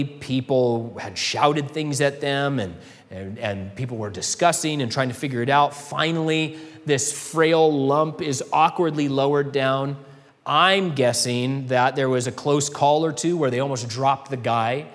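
A man's voice: medium pitch, measured pace, in a large hall. A man preaching a sermon as pastor, earnest and conversational, with rhetorical questions.

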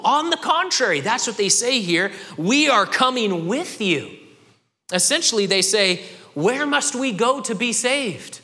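A man preaching a sermon with animated delivery, acting out the voices of people in the scripture he quotes. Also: high-pitched, long reverb tail. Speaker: pastor.

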